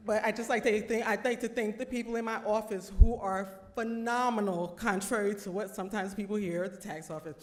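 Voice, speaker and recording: A woman's voice: mid-range voice, steady tone. Tearful woman giving heartfelt thanks. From New Jersey, USA. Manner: heartfelt, grateful, halting with fillers. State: tearful, close to crying. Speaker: award honoree giving thanks. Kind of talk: emotional acceptance speech.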